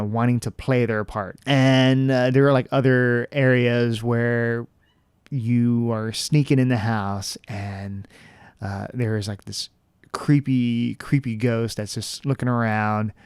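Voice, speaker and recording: A man's voice: medium pitch, clean tone, no room sound, clean studio sound. A young man casually reviewing an immersive theater show, talking loosely with lots of fillers and restarts. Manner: relaxed, many fillers and restarts. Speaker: vlogger reviewing attractions.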